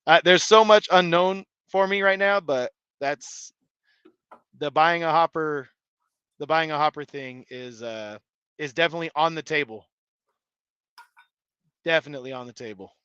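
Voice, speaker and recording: Bright, crisp-voiced man chatting on a stream. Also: a little high, normal speed, pauses often, dry recording, dull audio. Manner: rambling, many restarts and fillers. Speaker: live stream host reading chat. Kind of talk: casual chat.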